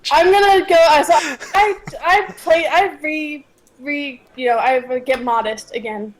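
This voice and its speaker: Young woman gamer, high voice, grumpy whatever vibe. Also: a little slow, a little hiss or hum, low-quality recording. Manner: sulky, self-mocking. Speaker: player. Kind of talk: playing a tabletop game on a live stream.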